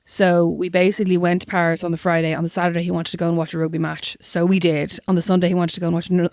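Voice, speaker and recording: Fast-talking Irish woman telling a story. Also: on the low side, no echo, clean studio sound. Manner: animated, self-mocking storyteller. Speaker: podcast co-host. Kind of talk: casual chat, storytelling.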